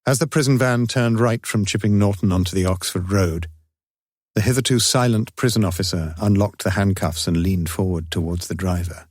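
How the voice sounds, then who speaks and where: A man narrates a crime story in a measured, even way, his voice sitting low. The recording is dry, with no room sound around him. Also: no room sound. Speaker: audiobook narrator. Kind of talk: scripted narration.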